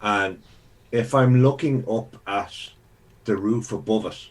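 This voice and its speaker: A man's voice: on the low side, takes it slowly. A man playing a tabletop game, hesitant and thinking aloud as he asks questions. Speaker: player.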